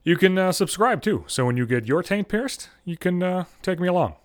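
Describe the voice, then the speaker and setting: A male vlogger rants his way through a comic story, briskly and constantly swearing, stumbling, and repeating himself in a rambling, animated manner. His slightly high voice swings up and down a lot. The recording is dry and close, with no echo or room sound.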